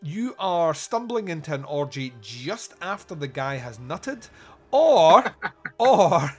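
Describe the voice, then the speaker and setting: A Scottish man hosts a podcast with loose, rambling jokes, laughing as he goes. His voice sits a little high for a man. Faint music runs underneath. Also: sing-song, takes it slowly, a little mellow. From Scotland. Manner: jokey, rambling, laughs often. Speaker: podcast host. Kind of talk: casual podcast chat.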